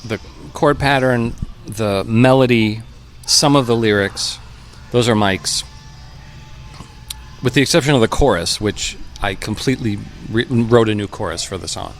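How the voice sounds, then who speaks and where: A man in his fifties, a musician guest, talking in a relaxed, reflective way with many pauses and fillers, in a brewpub. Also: lowish voice, soft background music. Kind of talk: relaxed conversational interview. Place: brewpub restaurant.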